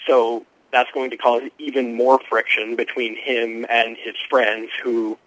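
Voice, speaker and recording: A man who is a guest TV critic, giving quick, informed and enthusiastic answers in a radio interview. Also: mid-range voice, level tone, fairly bright tone, no echo, poor audio.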